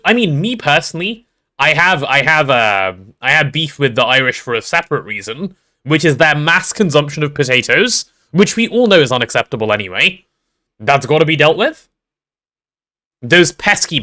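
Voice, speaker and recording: Bright, lively male game streamer. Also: medium pitch. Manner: playful, greets and answers chat aloud with repeated words. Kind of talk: casual live-stream chat.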